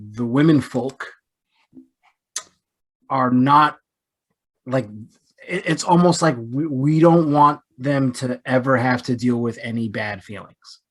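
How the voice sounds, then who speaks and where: A man's voice: medium pitch, rough recording. A man co-hosting a casual chat, agreeable and laid-back.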